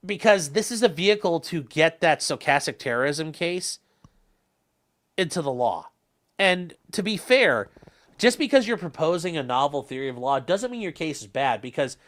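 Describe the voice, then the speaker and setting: A bright, forceful male voice with a lively, swinging pitch, rambling casually through a livestream. He reads viewer comments and chats in a loose, conversational way, full of fillers and restarts. The delivery sits on the higher side for a man.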